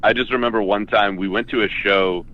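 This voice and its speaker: A man's voice: fairly low pitch, fairly even intonation, a little fast, bright, forceful tone. A man in his forties from Southern California, a radio guest casually reminiscing. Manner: easygoing, anecdotal. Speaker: guest, former intern. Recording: dull, lo-fi sound.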